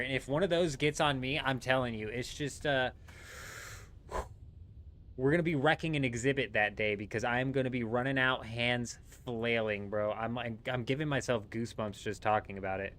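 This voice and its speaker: A young adult man streaming a game from home, telling stories in a relaxed, animated way, swearing and calling his viewers "bro" and "dude". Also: medium pitch, normal speed. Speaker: gaming livestreamer. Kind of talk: casual live-stream chat.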